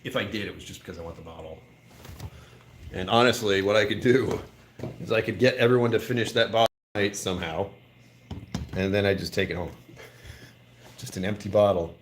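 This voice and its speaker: Brisk yet pausing often, a lowish male voice comes through with a little hiss or hum. He's an American whiskey channel host livestreaming from an indoor whiskey bar, keeping it casual with jokes and viewer comments.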